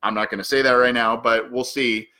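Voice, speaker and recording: A man's voice: medium pitch, level tone, a little fast, pushed and bright. A man hosting a sports podcast, giving solo analysis of a football game, thinking aloud with many fillers and restarts.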